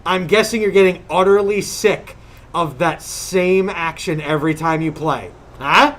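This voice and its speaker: A woman from Long Island co-hosting a casual gaming podcast, animated and jokey, laughing often. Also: on the low side, unhurried. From Long Island, New York. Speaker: podcast co-host. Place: streaming setup.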